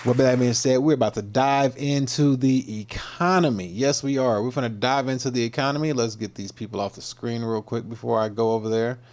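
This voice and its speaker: A man's voice: mid-range voice, a little fast, few pauses, a little mellow, slight background noise. A man hosting a casual livestream, joking in loose slang about gym clips, then giving a pep talk. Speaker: livestream host and fitness coach.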